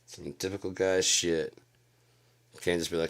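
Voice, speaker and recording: A middle-aged man with a very low, deep voice tells a story in a loose late-night monologue. His talk is profane and rambling, and he slips into the voices of the people in the story. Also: level tone, moderate pace, a bit bright. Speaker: channel host telling a story.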